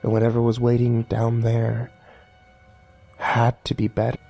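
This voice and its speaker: A man reading a horror story aloud in a measured, dramatic narration. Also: mid-range voice, monotone, gravelly, dark tone. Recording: faint music underneath.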